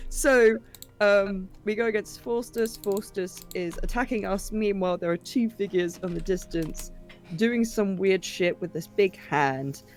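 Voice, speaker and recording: A player in a tabletop game recapping the last session in a loose, chatty way, laughing often and swearing freely. Faint music plays softly underneath. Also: medium pitch, unhurried.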